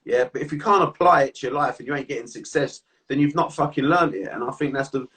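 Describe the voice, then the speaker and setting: A man's voice: mid-range voice, fast, a bit bright, recorded from a distance. A man in a casual chat, telling stories in a sweary, easygoing way. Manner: storytelling, sweary, laughs easily. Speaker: podcast host.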